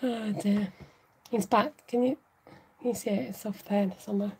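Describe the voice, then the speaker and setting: A woman hosting a casual livestream craft tutorial, chatting warmly with viewers and laughing often. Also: mid-range voice, steady tone, moderate pace, a little hiss or hum, low-quality recording. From United Kingdom. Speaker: craft channel host.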